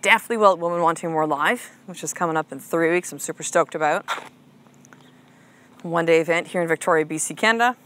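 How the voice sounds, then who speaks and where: A woman's voice: deep voice, quick pace, fairly bright tone. Chatty, upbeat woman coach. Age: adult mother of a six-year-old. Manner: casual, chatty, frequent "like" and "right?", swears freely; upbeat and emphatic, addresses listener as "sister". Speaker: life coach and podcast host. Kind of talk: motivational podcast monologue.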